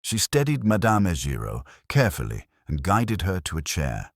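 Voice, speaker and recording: A man narrating a folktale in a scripted, dramatic and expressive way. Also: sits low, normal speed, creaky, hardly any pauses, no room sound, clean studio sound. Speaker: storyteller.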